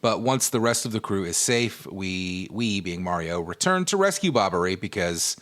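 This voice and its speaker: A man's voice: deep voice, animated, normal speed, a bit bright. A man co-hosting a casual podcast, recapping a video game's plot in a loose, joking way. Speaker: podcast co-host recapping a game.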